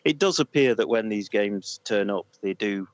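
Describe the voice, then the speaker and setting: A man's voice: fairly low pitch, animated. A man with a northern English accent from Manchester, a game reviewer chatting hesitantly and with self-deprecating jokes as a podcast guest. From Greater Manchester, England. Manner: hesitant, self-deprecating, joking, many pauses and fillers. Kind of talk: casual podcast chat.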